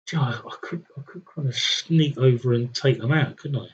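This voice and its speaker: A young man streams a strategy game and thinks aloud, offering wry, muttered commentary in a mid-range voice at a moderate pace. The sound is lo-fi, with slight background noise.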